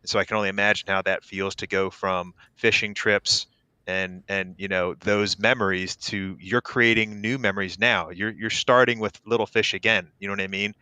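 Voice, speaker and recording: A man's voice: on the low side, fairly even intonation, normal speed, smooth, dry recording. A man co-hosting a podcast, talking casually and encouragingly with plenty of fillers. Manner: warm, encouraging, rambling with fillers. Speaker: podcast co-host.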